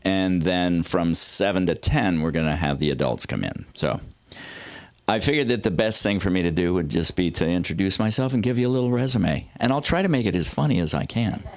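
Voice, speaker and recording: A man's voice: a little fast, no room sound. A man in his sixties doing stand-up storytelling at an open mic, rambling and loose, with salty language and lots of filler words. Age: 60s. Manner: swings his pitch widely for comic effect. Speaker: comedy teacher performing at an open mic.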